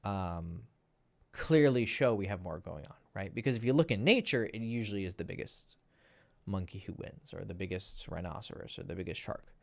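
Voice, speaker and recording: A man's voice: low voice, normal speed, creaky. A young man talking straight to camera as a dating coach, blunt and profane, asking "right?" after each point. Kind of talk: casual monologue to camera.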